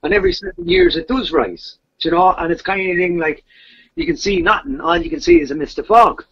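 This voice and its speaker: Gravelly man rambling a legend. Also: high-pitched, big pitch swings, brisk, a bit bright. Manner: rambling, with repeated fillers. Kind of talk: casual storytelling. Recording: dull lo-fi podcast audio.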